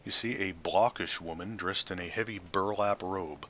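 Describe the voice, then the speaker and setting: A man's voice: deep voice, normal speed, a bit bright, slight background noise. A man hosting a let's play, reading game text aloud with dry, offhand asides. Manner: dry, offhand asides between read passages. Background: faint game music.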